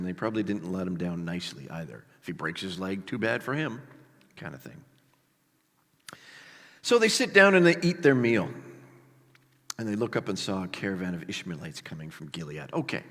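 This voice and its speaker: A male pastor preaching a sermon with animated storytelling and casual asides to the congregation. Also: low-pitched, brisk. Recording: long hall reverb.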